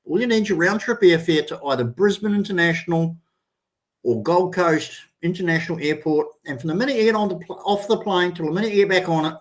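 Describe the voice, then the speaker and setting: A man's voice: sits high, fast. An Australian man in his sixties, a guest in a casual chat, talking in a rambling, enthusiastic way and swearing freely.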